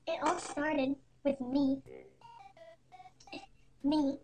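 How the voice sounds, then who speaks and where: A woman narrating a parody storytime in a quiet, deadpan, mock-serious way. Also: sits high, very slow. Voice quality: quiet, soft-spoken. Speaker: storytime animator. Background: faint music.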